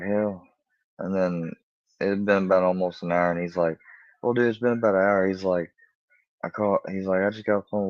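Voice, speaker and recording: A man's voice: no room sound, lo-fi sound. A man telling a rambling casual story, acting out both sides of a conversation in a jumpier voice. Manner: rambling, acts out both sides of the talk with a jumpier, higher voice for quotes. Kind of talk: casual story told to camera.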